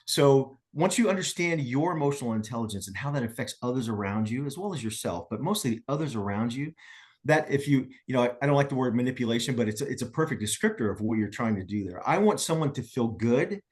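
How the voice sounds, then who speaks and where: A middle-aged guest business coach tells stories in a podcast interview, checking in with "right?" after his points. He talks fast and animatedly in a mid-range voice.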